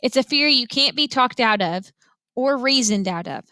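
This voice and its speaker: Bewildered kindly preacher, voiced by a woman reading aloud, slow and calm, bright and high, dry sound. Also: no echo. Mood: puzzled. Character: bewildered kindly small-town preacher, middle-aged man. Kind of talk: reading a novel aloud to students.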